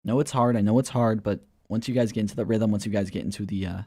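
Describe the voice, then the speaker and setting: A man's voice: fairly low pitch, steady tone, fast talker, mellow. Man chatting on a crypto livestream. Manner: talks straight to viewers, calling them guys, answering chat questions; mocking and ranting at times, with scoffing laughs. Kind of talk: casual livestream chat.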